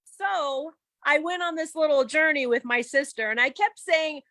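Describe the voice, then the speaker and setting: A woman giving a candid, animated personal testimony on a video call, laughing as she goes. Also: sits high, moderate pace, dry recording. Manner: chatty and animated, with laughs and quoted self-talk.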